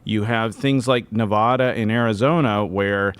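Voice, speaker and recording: A man co-hosting a casual political chat, explaining points in a measured way. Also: fairly low pitch, clean tone, no echo.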